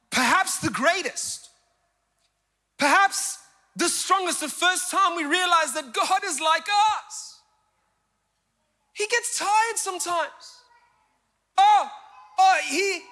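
A man preaching a sermon as a pastor, swinging between fervent shouts and hushed, confessional speech. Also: very high-pitched. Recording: church hall with long reverb.

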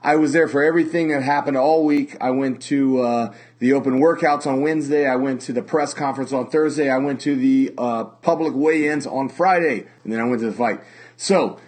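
A man's voice: medium pitch, brisk, a little mellow. Male podcast host and metal singer, swears a lot, circles back and restarts his sentences. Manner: rambling, profane, many fillers and restarts. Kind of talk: casual conversation. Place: lives in Las Vegas.

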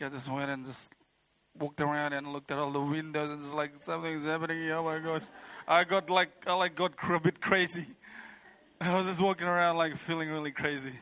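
A man's voice: on the high side, bright, forceful tone. A man telling a personal testimony to a church congregation, rambling and heartfelt, with many fillers like "you know" and "like". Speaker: church member giving a testimony.

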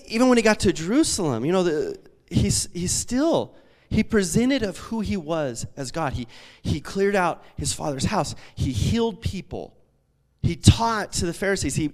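A man in his thirties preaches a sermon in a high, lively voice that swings up and down. He tells stories in a loose, self-deprecating way and keeps checking in with his listeners. His talk is full of restarts and fillers. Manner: storytelling, animated, self-deprecating, many fillers. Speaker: pastor.

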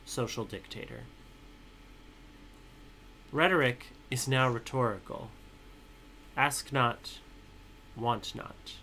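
Podcast co-host, male, bright edgy tone, deadpan humor, reads verse deliberately, faint noise behind. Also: mid-range voice. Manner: dry, teasing, measured when reading. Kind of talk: casual chat and poetry reading.

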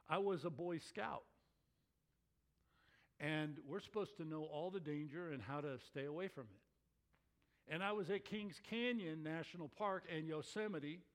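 A man preaching a sermon to his congregation, telling stories in an animated way with exclamations that rise. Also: fairly high pitch. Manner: animated storytelling with rising exclamations. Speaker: pastor.

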